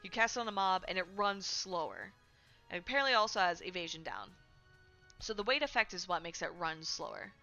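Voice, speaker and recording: Chatty woman streamer, bright voice. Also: fairly low pitch, big pitch swings, a little fast, lo-fi sound, faint music behind. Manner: chatty, full of "like" and "right?". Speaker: livestream host. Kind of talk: casual game news chat. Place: home streaming setup.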